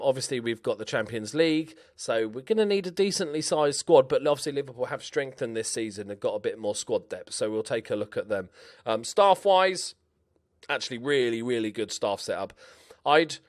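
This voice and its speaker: A man's voice: medium pitch, animated, moderate pace. Cheeky Scouse man chatting over a game. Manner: chatty, cheeky, swears casually. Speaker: gaming YouTuber. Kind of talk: casual video game commentary.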